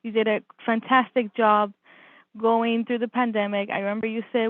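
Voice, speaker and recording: A woman, a program coordinator, giving earnest, measured thanks to a colleague on a video call. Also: a little high, level tone, no room sound. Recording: tinny phone-like audio, dry.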